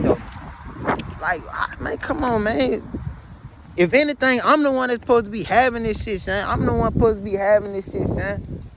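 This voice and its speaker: High-voiced heartbroken young man venting. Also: heavy background noise. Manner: heartbroken, frustrated venting with heavy profanity. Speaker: vlogger. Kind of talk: emotional personal monologue.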